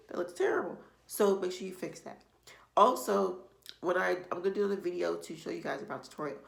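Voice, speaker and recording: A woman's voice: fairly low pitch, creaky. A woman beauty vlogger giving casual makeup tips to the camera, chatty and meandering, often circling back with "like I said". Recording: echoey room.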